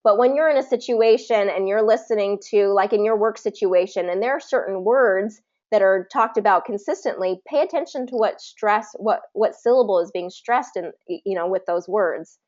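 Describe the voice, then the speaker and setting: A woman teaching English pronunciation in a live session, patiently explaining and slowly drawing out example words. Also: medium pitch, darkish tone, highs cut off.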